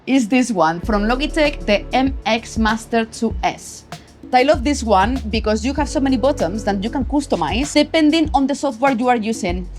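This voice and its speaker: A woman's voice: fairly high pitch, expressive, moderate pace, darkish tone, faint music behind. A young woman with a Spanish accent, talking casually and emphatically about her travel camera gear in a vlog, often adding "okay?". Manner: chatty, emphatic, tags lines with "okay?". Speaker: photography vlogger. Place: travel location.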